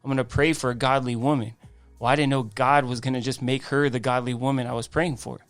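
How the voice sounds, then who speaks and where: A man tells his life story on a podcast, jumping into the voices of the people he quotes. His tone is smooth and resonant, and the sound is close and dry, with faint music underneath. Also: mid-range voice, quick pace, no echo. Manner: animated storyteller acting out quoted dialogue; frequent restarts and "I'm like" quoting. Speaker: podcast guest.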